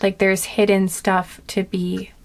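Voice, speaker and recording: A woman talks through a tarot reading in an easygoing, unscripted way. Her voice is soft-hearted and earnest, with frequent pauses, fillers and self-corrections as she searches for words. She sits at a middle pitch for a woman. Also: monotone. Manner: gentle, rambling, many fillers and restarts; earnest and emotional. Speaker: tarot reader. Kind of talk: casual spoken tarot reading.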